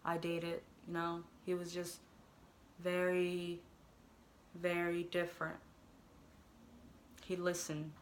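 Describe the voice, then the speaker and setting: Deadpan young woman, flat and bright. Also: fairly low pitch. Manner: deadpan, halting, mock-serious. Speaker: storytime vlogger. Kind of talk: comedic storytime monologue.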